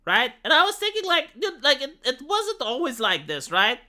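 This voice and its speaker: A woman talks straight to her livestream viewers in a loose, profane rant. Her pitch sits a little high and bounces around a lot, and her tone is bright and sharp. She stumbles over words, repeats herself and keeps tossing in exasperated curses. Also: sing-song, moderate pace. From Romania. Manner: profane, exasperated, many restarts and fillers.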